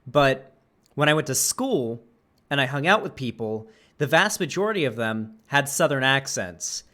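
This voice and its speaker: A man's voice: medium pitch, very animated, moderate pace, sharp tone. Streamer, male, from Florida: casual reaction commentary, mid-range voice, rambling delivery with constant asides. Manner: rambling, chatty, lots of fillers and asides. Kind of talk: casual commentary over a video.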